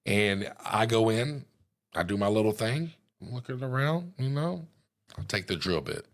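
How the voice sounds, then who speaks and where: Very deep-voiced matter-of-fact man. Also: lively intonation, normal speed. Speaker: storyteller. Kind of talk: casual spoken storytelling.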